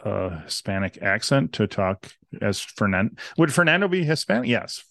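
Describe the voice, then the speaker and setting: Male podcast co-host, crude and jokey, animated pitch, dry close sound. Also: normal speed, creaky, no echo. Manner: joking, crude, swears freely. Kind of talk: casual podcast banter.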